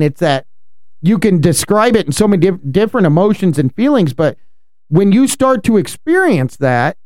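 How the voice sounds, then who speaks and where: A man's voice: high-pitched, sing-song, moderate pace, darkish tone, no echo, clean studio sound. A man co-hosting a casual faith discussion, talking earnestly and animatedly and laughing often. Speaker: podcast co-host.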